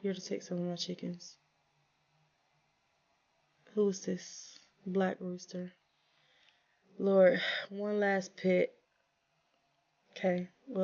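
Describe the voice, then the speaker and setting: A woman speaking narrates her farm game for viewers, talking back to her characters and airing small frustrations. Her voice sits a bit low with a gravelly edge. The recording sounds dull and lo-fi. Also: warm tone. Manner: chatty, talks to viewers and her game characters, exasperated asides. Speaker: gaming channel host. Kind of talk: casual let's-play commentary.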